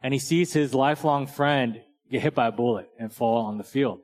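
A man's voice: medium pitch, moderate pace, darkish tone. A man preaching a sermon in a casual, conversational way, checking in with "right?" and telling stories and jokes. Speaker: pastor. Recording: long hall reverb.

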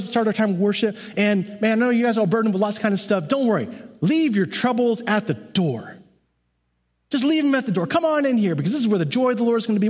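Guy doing a super chirpy worship leader, high and fast, brushing everything off, big echoey hall. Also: a little mellow. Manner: breezy, rushed, glib welcome patter. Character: overly chipper male worship leader. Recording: long hall reverb.

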